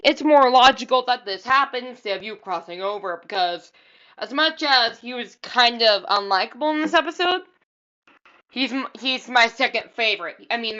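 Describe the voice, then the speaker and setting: Rambling higher-voiced woman vlogger. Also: bright, forceful tone, highs cut off. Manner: rambling, repeats herself. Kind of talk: casual reaction commentary.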